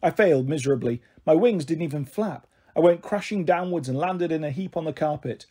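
A man reading a children's book aloud in an expressive way. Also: a little high, a little fast, few pauses, slightly rough. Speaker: storyteller.

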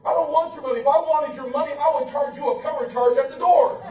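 High-voiced animated preacher, echoing church. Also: male voice, quick pace, far from the mic, a little hiss or hum. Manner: animated, playful, acts out quotes. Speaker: pastor. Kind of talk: sermon. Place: church sanctuary. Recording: roomy church from afar.

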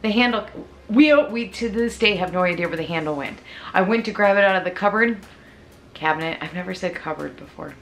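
A woman's voice: on the low side, fairly quick. A woman filming herself cleaning her kitchen at home, chatting and rambling to herself and laughing at her own remarks. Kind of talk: casual chatty self-talk while cleaning. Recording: echoey room, from far off, with music. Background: background music.

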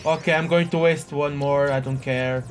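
A man giving live commentary on his own gameplay, excitable, often exclaiming and cursing at a hard boss fight. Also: fairly high pitch, normal speed. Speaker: gaming video host. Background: faint game music.

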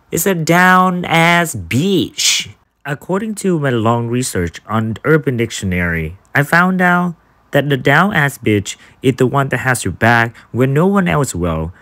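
A man's voice: mid-range voice, a bit bright, no echo. A man giving a playful birthday toast to a group of friends, teasing and building to comic punchlines.

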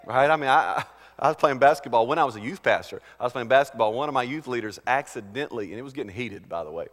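A male pastor delivering a sermon, swinging between loud, emphatic preaching and quiet, conversational storytelling. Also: medium pitch, animated, quick pace, long reverb tail.

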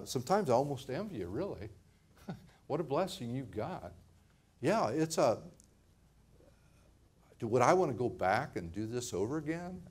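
A man's voice: medium pitch, a little mellow, slightly rough. An older man, a pastor, preaching a sermon in a conversational way, often repeating words and laughing lightly.

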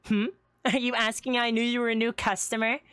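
A woman's voice: fairly high pitch, level tone, brisk, fairly bright tone, smooth, dry recording, lightly acted. A woman voicing a quirky young woman who runs a seafood restaurant, giggly and playful in a live roleplay. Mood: cheerful. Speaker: restaurant owner character.

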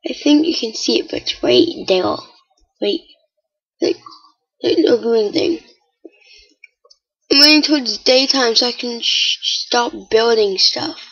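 A woman giving casual, chatty commentary while playing a game, with excitable, startled exclamations. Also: a little high, unhurried, long pauses, breathy edge, muffled recording. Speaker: gamer.

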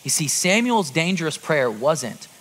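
A man in his thirties preaching a sermon to a congregation, conversational and lively, with rhetorical asides. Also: on the high side, a little slow. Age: 30s. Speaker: pastor. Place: church auditorium before a congregation.

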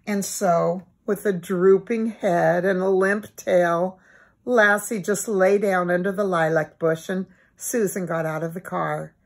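An older woman reading a children's storybook aloud as the host of a story time. Her delivery is slow and chatty, and her voice has a soft, husky grain. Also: on the low side, steady tone. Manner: chatty, homely, reminiscing asides.

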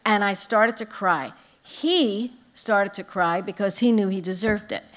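A woman's voice: medium pitch, a little slow, few pauses, a bit bright. An older woman, an author, telling humorous anecdotes on stage at a live event. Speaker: author guest at a book festival. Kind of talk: storytelling on stage.

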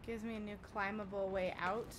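A woman's voice: mid-range voice, flat delivery, fairly quick, background noise. A woman commenting casually on her own gameplay, swearing often and talking to herself in exasperation. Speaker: gamer playing a video game.

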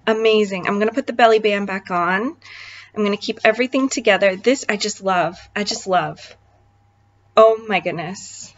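A woman hosting a craft channel, chatting casually and gushing excitedly with lots of fillers while she unboxes gifts. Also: medium pitch, normal speed, highs cut off. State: voice cracking.

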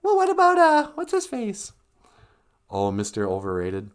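A man putting on a chirpy, high-voiced woman sidekick who chimes in excitably, heard a little off-mic. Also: normal speed. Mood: teasing.

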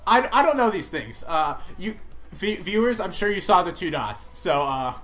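A man's voice: high voice, big pitch swings, normal speed, fairly bright tone. A young man hosting a casual group gaming video, upbeat and joking at his own expense. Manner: upbeat, joking, self-mocking. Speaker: host.

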